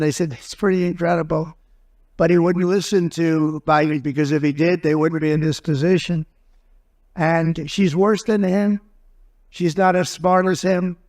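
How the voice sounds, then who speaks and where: A man with a raised, fairly high speaking voice works through a loose rally speech. He wanders from point to point, stacking repeated phrases. His tone stays combative and sure of itself. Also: darkish tone. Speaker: political candidate.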